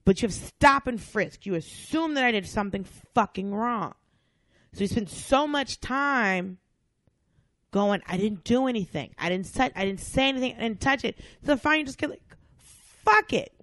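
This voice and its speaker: A woman from the American South, a comedian guest on a podcast, telling stories in a blunt, profane, animated way. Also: fairly high pitch, normal speed, dry recording. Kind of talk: casual chat.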